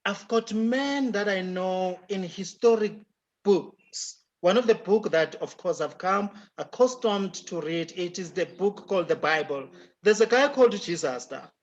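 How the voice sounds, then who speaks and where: Emphatic South African man, high voice. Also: expressive, a little slow, highs cut off. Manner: emphatic, mixes in Zulu phrases, laughs often. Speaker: guest speaker. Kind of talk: lecture answer, animated.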